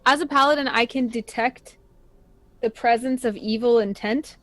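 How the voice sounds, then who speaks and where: A woman's voice: a little high, normal speed. A woman playing a tabletop game, speaking hesitantly and asking questions as she goes. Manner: hesitant, asks questions, trails off. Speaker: player.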